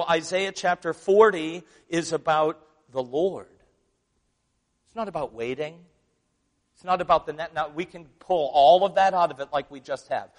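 A male pastor delivering a sermon, moving between chatty asides and emphatic scripture reading. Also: on the high side. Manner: conversational preaching, rising to emphatic scripture reading. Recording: long reverb of a church hall.

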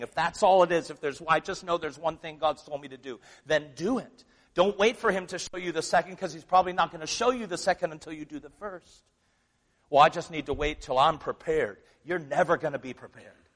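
Guy pastor preaching, kinda high voice, chatty then punchy, big reverb in the church. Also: a bit bright. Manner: conversational preaching, rising to emphatic scripture reading. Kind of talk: sermon. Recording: long reverb of a church hall.

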